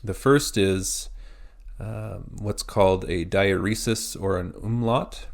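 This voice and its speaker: A man teaching a pronunciation lesson, spelling out words letter by letter in a slow, methodical way. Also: deep voice, steady tone, vocal fry.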